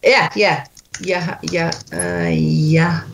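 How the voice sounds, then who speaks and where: A woman's voice: lowish voice, fairly even intonation, very slow, creaky, a little hiss or hum. A woman working as a dialect coach over a video call. She patiently drills lines sound by sound. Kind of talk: accent coaching session.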